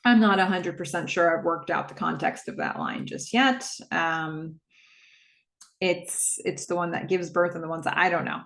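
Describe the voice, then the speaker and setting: A woman's voice: on the low side, moderate pace, gravelly, fairly bright tone. A woman recapping a horror film in a chatty, present-tense retelling with asides and restarts. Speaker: movie recap vlogger. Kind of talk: casual movie recap.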